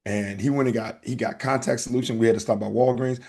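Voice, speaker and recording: A man hosting a casual podcast, telling a story in an animated way and acting out the back-and-forth. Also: medium pitch, fast talker, creaky. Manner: animated storytelling, acts out exchanges. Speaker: podcast host.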